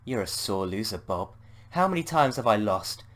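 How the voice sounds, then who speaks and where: A man with a British accent voicing an unhinged, murderous young woman gambler who flips from quiet calm to rage in a text adventure. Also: on the low side, normal speed. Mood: coldly calm.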